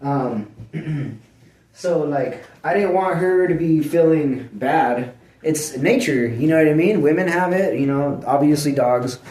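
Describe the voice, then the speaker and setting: A man vlogging in casual chat, rambling and swearing, full of filler words and frequent throat clearing. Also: a little high, measured pace, a little mellow. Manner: clears his throat often. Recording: echoey room.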